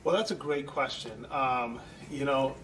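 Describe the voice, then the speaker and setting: A man's voice: mid-range voice, unhurried, fairly bright tone, far from the mic, a little hiss or hum, poor audio. Earnest man telling stories from off-mic. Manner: earnest, rambling storyteller who acts out quoted voices. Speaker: guest, entertainment center manager. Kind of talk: conversational storytelling interview.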